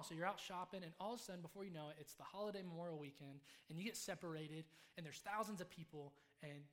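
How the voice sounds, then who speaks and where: A man's voice: on the high side, quick pace, few pauses. Storytelling young man preaching a sermon. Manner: conversational, storytelling, drops to soft hushed tones for quiet moments.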